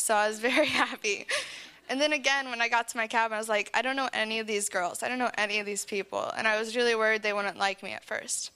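A woman's voice: fairly high pitch, pushed and bright, smooth. A teenage girl giving an earnest personal testimony about camp to a church audience, often saying "like" and laughing between phrases. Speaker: speaker sharing a camp testimony.

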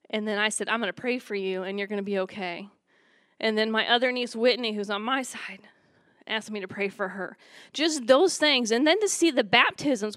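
A woman's voice: fairly high pitch, a bit bright, dry recording. A woman sharing a chatty, upbeat testimony about a youth trip at church. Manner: chatty, upbeat, laughs while telling stories. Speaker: youth leader giving testimony.

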